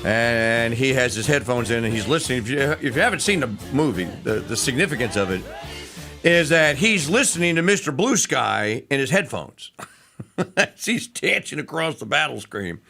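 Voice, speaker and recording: A man hosting a morning radio and TV talk show, chatting and plugging memberships in an animated way. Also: mid-range voice, normal speed, gravelly, faint music behind.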